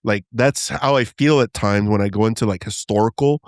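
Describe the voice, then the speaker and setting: A man's voice: on the low side, fairly quick, dry recording, clean studio sound. A young man co-hosting a podcast in casual, joking chat, now and then dropping Spanish words. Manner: animated, joking, slips into Spanish. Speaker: podcast co-host.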